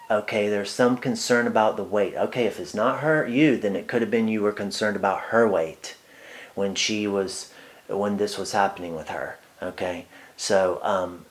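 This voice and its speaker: Male medium, lowish voice, halting delivery full of ums and restarts during a sitter reading. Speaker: psychic medium. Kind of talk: one-on-one spirit reading.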